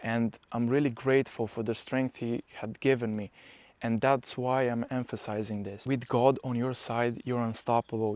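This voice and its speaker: A man's voice: mid-range voice, a little mellow, no echo. A young man talking earnestly and casually to camera in a vlog, with fillers and restarts. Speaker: powerlifting vlogger.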